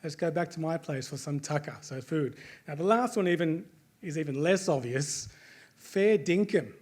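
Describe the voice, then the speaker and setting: A man's voice: a little high, moderate pace, darkish tone. A man with an Australian accent, hosting a live event and addressing the audience in a chatty, joking way. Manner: jokey, chatty, asks the crowd questions. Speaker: event host.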